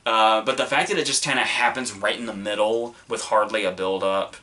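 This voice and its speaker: A young man talks through a film review on his podcast, circling his points with many fillers and restarts. His fairly low voice has a bright, tense edge to it. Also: steady tone, fairly quick. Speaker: podcast host.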